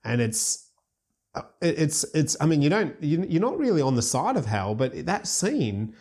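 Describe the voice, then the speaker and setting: A man's voice: a little high, sing-song, moderate pace, a little mellow. A man in casual conversation, retelling a film scene in a rambling way with lots of fillers and restarts.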